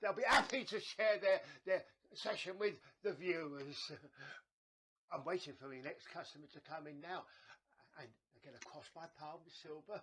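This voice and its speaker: A man's voice: on the high side, moderate pace, fairly bright tone, a little hiss or hum, lightly acted. A man playing a chatty, scheming old woman fortune teller, rambling and stammering theatrically. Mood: gossipy. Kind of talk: comedy sketch acting.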